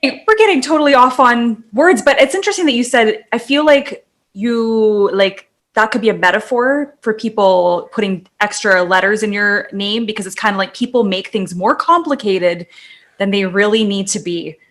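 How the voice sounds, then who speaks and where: A woman's voice: medium pitch, moderate pace, a bit bright. A woman co-hosting a podcast, chatting casually with plenty of "like" and "um". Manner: chatty, lots of "like" and "um". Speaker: podcast co-host.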